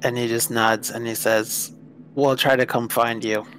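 A man's voice: mid-range voice, level tone, a little slow, fairly bright tone, faint music behind. A man playing a tabletop game, steadily describing what his character does. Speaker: player. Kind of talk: tabletop role-play narration.

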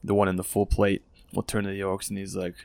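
A man narrating as game master of a tabletop role-playing game, relaxed and full of fillers. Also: low-pitched, quick pace, gravelly, no room sound.

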